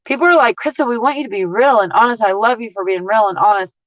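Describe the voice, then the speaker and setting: Woman, fairly high voice, blunt, profane, animated, casual livestream rant, dry slightly dull sound. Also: quick pace, dry recording. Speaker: couponing vlogger.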